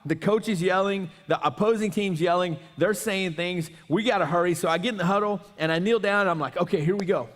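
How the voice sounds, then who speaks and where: Animated male pastor in a reverberant hall. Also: sits high, a little fast, hardly any pauses. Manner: animated storytelling, acts out shouts and quotes. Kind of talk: sermon.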